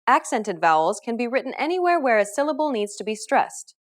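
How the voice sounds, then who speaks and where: A woman teaching a scripted pronunciation lesson, explaining clearly and upbeat, modeling example words. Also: a little high, very animated, fairly quick. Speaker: language teacher.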